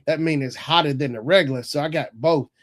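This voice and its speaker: A man from North Carolina hosts a live stream and chats casually. His voice sits a little high, and he rambles and chuckles as he talks. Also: fast talker. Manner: relaxed, rambling, chuckles often, reads chat aloud. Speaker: livestream host reading chat.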